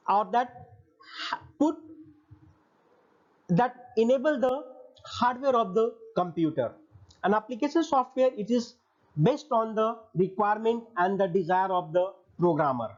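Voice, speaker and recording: High-voiced man giving an online lecture. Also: darkish tone. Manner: reads slide points, then restates them. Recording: dull lo-fi audio.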